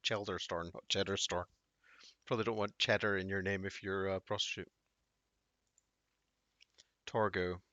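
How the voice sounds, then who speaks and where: A man's voice: sits low, level tone, moderate pace, long pauses, bright, forceful tone, no room sound. A man streaming a game, making wry, chatty asides and thinking aloud as he plays. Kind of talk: casual live gameplay commentary. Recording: dull dry home audio.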